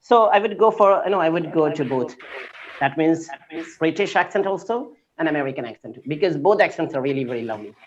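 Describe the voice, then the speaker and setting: A man's voice: a little high, animated, brisk, muffled recording, a crowd in the background. A man who teaches English, chatting casually over a video call, hesitant and full of fillers and restarts.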